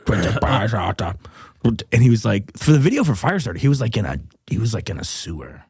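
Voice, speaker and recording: A man hosting a casual comedy podcast, rambling with frequent laughs and a lively, bouncing pitch. He sounds close and dry, with no room around him. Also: rapid-fire, slightly rough, dry recording. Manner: loose, rambling, laughs often. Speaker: podcast host.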